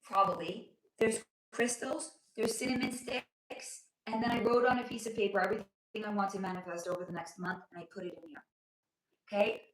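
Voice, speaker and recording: A woman hosting a casual livestream from home, reading viewer comments aloud, calling people honey and sweetie and swearing freely, her voice going hoarse. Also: mid-range voice, fairly even intonation, fast, a bit bright. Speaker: livestream host. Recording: roomy echo.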